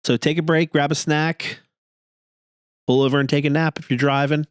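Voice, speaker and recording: A man's voice: a little high, fairly even intonation, moderate pace, smooth, no room sound, clean studio sound. A man from New Jersey co-hosting a church podcast, chatting casually with a sarcastic, joking manner. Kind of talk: casual chat.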